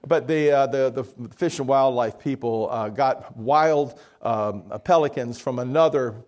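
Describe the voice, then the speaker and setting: A man's voice: mid-range voice, measured pace, darkish tone. A man preaching a conversational sermon, asking his congregation questions and correcting himself as he goes. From Miami area, Florida.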